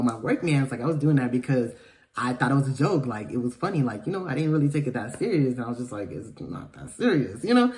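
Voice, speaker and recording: Male vlogger, animated and profane storytelling, mid-range voice, loud rants and quiet asides. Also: medium pitch. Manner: animated, profane, swings between loud outbursts and mumbling asides. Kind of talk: casual storytelling.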